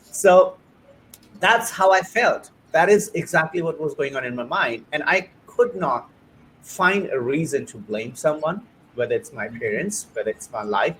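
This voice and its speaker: A man's voice: a little high, animated, normal speed, a bit bright, a little hiss or hum, poor audio. A man hosting a conversation, telling his own story in short, earnest, heartfelt phrases. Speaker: host. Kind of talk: personal testimony in conversation.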